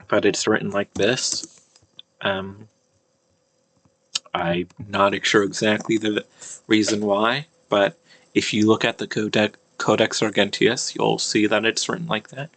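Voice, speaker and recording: Slow, hesitant man teaching an old language. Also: on the low side, creaky, a bit bright, no echo. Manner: hesitant, thinking aloud with many fillers and restarts; reads old-language text slowly, word by word. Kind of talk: casual screen-share lesson.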